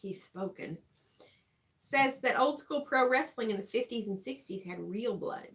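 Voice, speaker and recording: A woman's voice: on the high side, expressive, moderate pace, fairly bright tone. A woman, co-hosting a casual livestream, reading out viewer comments in a chatty, teasing way. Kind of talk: casual live-stream chat.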